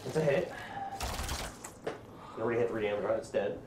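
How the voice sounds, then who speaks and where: A man's voice: fairly low pitch, brisk. Roomy, distant game master, a man. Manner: loose, rambling, hesitant narration. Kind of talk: narrating a tabletop game. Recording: roomy, distant mic with faint hiss.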